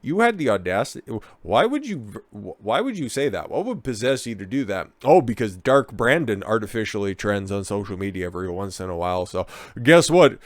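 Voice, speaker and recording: A man's voice: fairly low pitch, no echo. A man doing a profane, sarcastic and combative political commentary rant. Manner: mocks others in put-on whiny voices.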